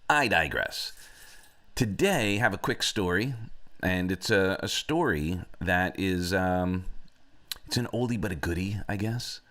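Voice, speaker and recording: A man's voice: deep voice, a bit bright. A man hosting a motivational talk, telling a story in a conversational, reflective way. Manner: conversational, reflective, with frequent fillers. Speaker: host.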